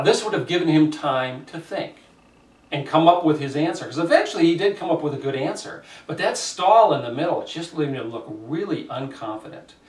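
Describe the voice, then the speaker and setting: Male speaking coach, animated delivery, distant camera mic in a roomy space. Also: a little high. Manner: animated, demonstrates gestures while explaining. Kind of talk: critique of debate speakers to camera.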